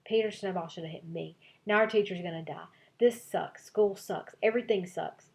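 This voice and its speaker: A woman teacher giving an expressive read-aloud of a children's novel for her class, voicing several child narrators. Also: fairly low pitch, normal speed, gravelly.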